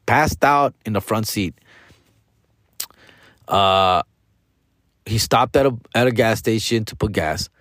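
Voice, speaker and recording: A man's voice: lowish voice, a bit bright, no room sound, studio quality. Profane slangy man in his forties. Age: 40s. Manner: profane, slangy, frequently addresses listeners as dog and fool; drops Spanish slang phrases. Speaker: podcast host. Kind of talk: casual monologue.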